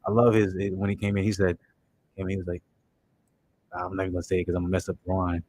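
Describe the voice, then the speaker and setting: A man's voice: sits low, completely flat delivery, quick pace, a little mellow, a little hiss or hum, poor audio. A man hosting a casual movie reaction, chatting with enthusiasm and talking straight to his viewers. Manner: enthusiastic, loose and chatty, talks to viewers directly.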